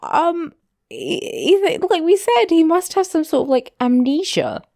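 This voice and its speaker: A woman's voice: very high-pitched, expressive, a little slow, mellow, dry recording, clean studio sound. A young woman co-hosting a podcast, making joking asides and laughing often. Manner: joking, giggly, loose asides. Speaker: podcast co-host. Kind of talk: casual chat.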